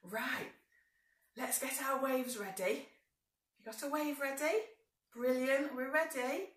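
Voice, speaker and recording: A woman's voice: sits high, slow, long pauses, fairly bright tone, reverberant, distant mic. A woman leading a baby and toddler group, singing nursery songs and talking cheerfully to small children. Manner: cheerful, sing-song, speaking to small children. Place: church room.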